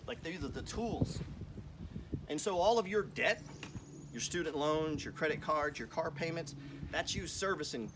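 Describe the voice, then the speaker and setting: A man's voice: a little high, animated, moderate pace, noisy background. Blunt, swearing man ranting about money. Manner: blunt, confrontational, swears often, asks rhetorical questions. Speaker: finance channel host. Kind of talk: profane motivational rant to camera.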